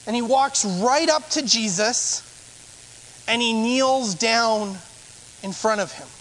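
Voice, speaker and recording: A man's voice: very high-pitched, slow, a bit bright, a little hiss or hum, poor audio. A man, a pastor, preaching a sermon in a conversational way, asking rhetorical questions.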